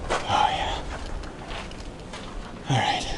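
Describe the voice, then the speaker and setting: A man's voice: very slow, a bit bright, slight background noise. A young American man vlogging in a chatty, rambling, self-mocking way while out of breath outdoors. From United States. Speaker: travel vlogger. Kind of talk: casual travel vlog. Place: outdoors on a hot hillside in a coastal town.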